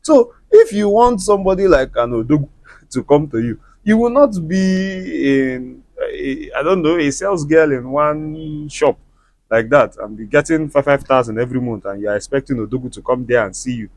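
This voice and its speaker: A man's voice: a little high, animated, moderate pace, a little mellow, no echo. A Nigerian man with an Igbo accent, a native Igbo speaker, chatting in a casual, opinionated movie review and lecturing the listener with conversational tags.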